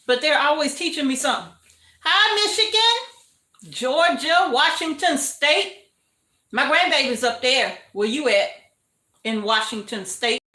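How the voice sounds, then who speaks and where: An older woman chats away on a home livestream, calling out greetings to viewers and laughing often. Her voice sits high and bright, and her talk runs slow and easy. The kitchen around her rings with echo. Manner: chatty, greets viewers warmly, frequent laughter. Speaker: homestead livestream host. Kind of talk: casual livestream chat.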